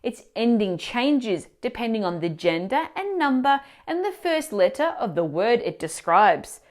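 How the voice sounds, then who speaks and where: Lively, higher-voiced woman teacher. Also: measured pace. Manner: clear, instructive, asks the viewer questions. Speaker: language teacher. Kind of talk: scripted explanatory narration.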